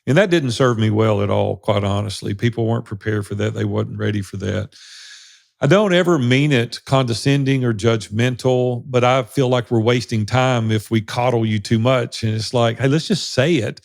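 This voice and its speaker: A man's voice: mid-range voice, normal speed, creaky, darkish tone. Blunt, direct middle-aged man. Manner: blunt, direct, plain-spoken. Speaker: podcast co-host. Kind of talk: casual conversation.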